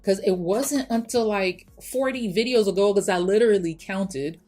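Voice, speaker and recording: A woman's voice: medium pitch, moderate pace, few pauses, dark tone, soft background music. A young woman chatting casually as she does her makeup on camera, rambling with many restarts. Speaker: beauty YouTuber. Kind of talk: casual get-ready-with-me chat.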